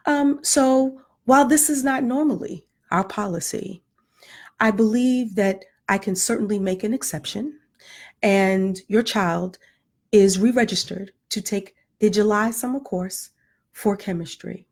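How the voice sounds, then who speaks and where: A woman voicing a school office clerk on the phone, measured and businesslike. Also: mid-range voice, darkish tone, voice pushed down. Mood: formal. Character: school office clerk, formal then friendly.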